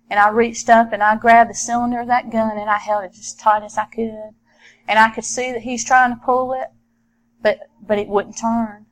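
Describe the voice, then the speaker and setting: A middle-aged woman, a former police officer, telling her own story in an earnest, halting way with many repeated starts. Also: fairly high pitch, rough recording. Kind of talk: personal testimony storytelling.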